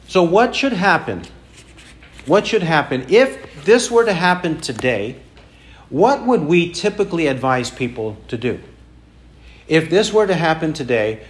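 Preacher guy, slow and emphatic, lots of questions, higher voice. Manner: questioning, emphatic, repeats key phrases. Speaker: pastor. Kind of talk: sermon.

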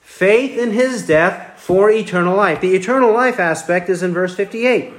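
A man's voice: high voice, moderate pace, reverberant. A man preaching an expository sermon, emphatic, with rhetorical questions and repeated key phrases.

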